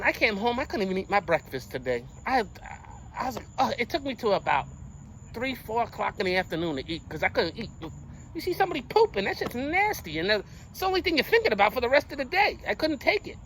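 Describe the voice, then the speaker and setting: A young man telling a story to his viewers in casual street slang, animated and full of swearing. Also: high voice, brisk, slight background noise, poor audio. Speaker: vlogger.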